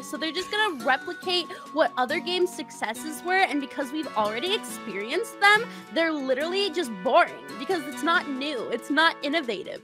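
A woman putting on an exasperated young Valley Girl with a parody accent, ranting and filling her talk with 'like' and 'literally'. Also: high voice.

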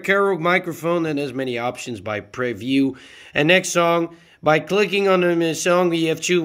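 A man from Afghanistan, an amateur rapper, talks in a casual, rambling way, excited and full of hype, as he shows off something new on his vlog. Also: sits high.

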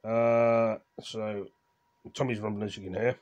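A man vlogging casually, reading viewer comments aloud in a slow, halting way with fillers, his voice trailing off quietly. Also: mid-range voice. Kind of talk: casual chat.

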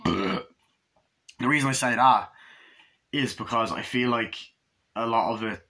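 Excitable, profane guy reviewing movies. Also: medium pitch, unhurried. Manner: excitable, profane, acts out scenes with shouted quotes. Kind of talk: casual spoken movie recap.

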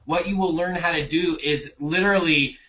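A man with a bright, forceful voice riffs playfully in a casual online chat, spinning a mock sales pitch. His pitch sits a little high. The audio is dull and lo-fi, as from a web call. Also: normal speed. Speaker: co-host marketing leader. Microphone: webcam on a video call.

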